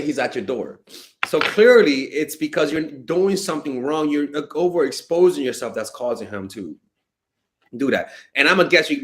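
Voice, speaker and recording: A man's voice: medium pitch, fairly bright tone. A man giving blunt, exasperated dating advice in a casual monologue, swearing and exclaiming as he answers viewer questions. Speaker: dating coach.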